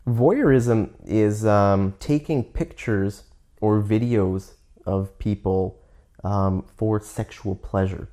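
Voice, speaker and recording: A man's voice: lowish voice, takes it slowly, warm tone. A man with a Canadian accent talking candidly in a casual monologue, often restarting and stopping to explain words for learners.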